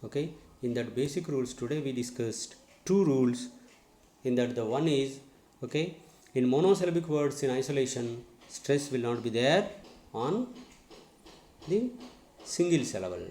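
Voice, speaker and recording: A man's voice: mid-range voice, animated, normal speed, long pauses, dark tone. Methodical man teaching in an echoey room. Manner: methodical, repeats "okay" between points. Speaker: English teacher. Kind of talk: recorded lesson on word stress.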